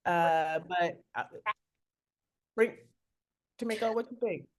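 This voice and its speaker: A middle-aged woman co-hosting a motivational live chat, telling stories in a playful, animated way. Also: on the low side, takes it slowly. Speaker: co-host.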